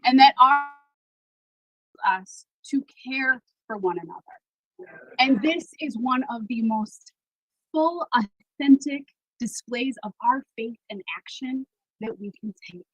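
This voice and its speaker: A woman's voice: a little high, takes it slowly, pauses often, a bit bright, no echo, low-quality recording. A woman, a mother and person of faith, giving an assured, rousing speech at a rally. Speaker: speaker at a political rally.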